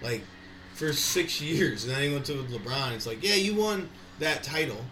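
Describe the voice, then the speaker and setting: A man's voice: mid-range voice, animated, moderate pace, pushed and bright. A man in casual chat, rambling and profane, talking animatedly with a friend. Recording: echoey room, faint background noise.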